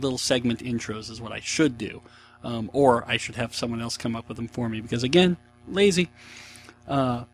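A man in his thirties talks through a casual solo podcast in a mid-pitched voice. He rambles from one aside to the next and pokes fun at his own laziness. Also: slight background noise. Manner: rambling, self-mocking, chatty. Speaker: podcast host.

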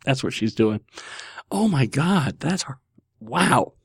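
A man's voice: mid-range voice, lively intonation, slow pace, creaky, husky, dry recording, clean studio sound. A man hosting a casual podcast, rambling and laughing at himself as he chats from home. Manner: rambling, laughing, self-mocking. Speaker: podcast host.

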